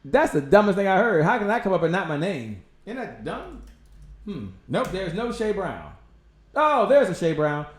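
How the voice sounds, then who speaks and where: A man hosting a live-streamed talk show, excitable and animated, talking straight to his viewers and his guest. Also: high-pitched, normal speed. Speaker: show host.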